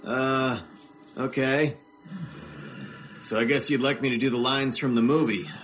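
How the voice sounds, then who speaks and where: A man's voice: medium pitch, fairly even intonation, a little slow, fairly bright tone, a little hiss or hum, natural voice. An actor playing a laid-back young man who talks in a casual, joking, slangy way, as audio drama acting.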